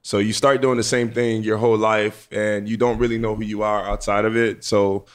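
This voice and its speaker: A man's voice: on the low side, level tone, normal speed, smooth. A man in his twenties, a pro football player guest, talking thoughtfully with many fillers. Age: 20s. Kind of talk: casual interview.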